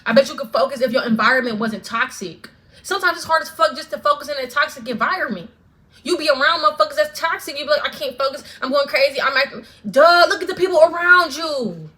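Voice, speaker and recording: A woman's voice: sits high, expressive, fast talker, pushed and bright. A woman vlogger ranting straight to camera, fervent and profane, repeating lines for emphasis. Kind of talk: direct-to-camera rant.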